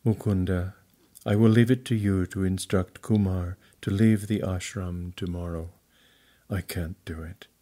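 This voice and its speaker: A man reading the lines of a stern elderly guru, speaking calmly and gravely. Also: lowish voice, unhurried, close to an everyday voice. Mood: sorrowful.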